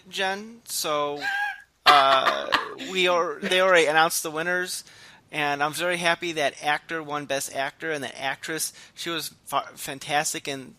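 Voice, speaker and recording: A man co-hosting a podcast in casual chat, low-key and exhausted, rambling and restarting his sentences. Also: pushed and bright. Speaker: podcast co-host.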